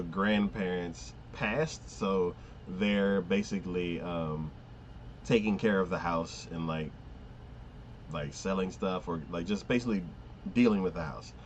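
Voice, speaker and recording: A man's voice: sits low, slow, slight background noise. A man casually recapping an anime episode, rambling with many fillers, often laughing and acting out lines. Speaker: anime podcast host.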